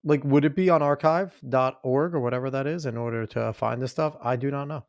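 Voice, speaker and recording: A man hosting a podcast, reacting casually to a video, profane and rambling, often trailing off quietly. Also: mid-range voice, fairly quick, slight background noise.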